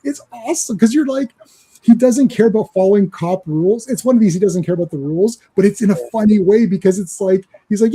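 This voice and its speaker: A man hosting a casual movie chat, animated and acting out scenes as he retells a film. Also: high voice, fast, slightly rough. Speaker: podcast host.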